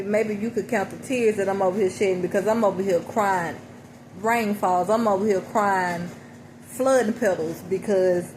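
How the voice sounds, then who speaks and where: This woman has a mid-range, somewhat dark voice, captured on a rough recording with noticeable background noise. In a casual spoken reading, she thoughtfully interprets song lyrics for her audience, often pausing to ask "okay?" and repeating "you know."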